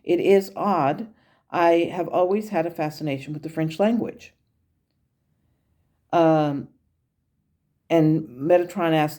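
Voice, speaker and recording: Woman host, low and warm, candid conversational storyteller recounting a meditation. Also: takes it slowly, long pauses.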